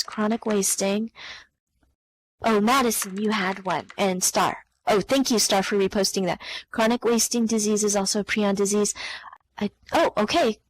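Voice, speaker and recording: A woman giving an online science lesson in a relaxed, conversational way. She fills gaps with ums, catches and corrects herself mid-sentence, and keeps talking straight to her students. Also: mid-range voice, poor audio. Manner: chatty, many ums and self-corrections. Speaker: science teacher. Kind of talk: live online lecture.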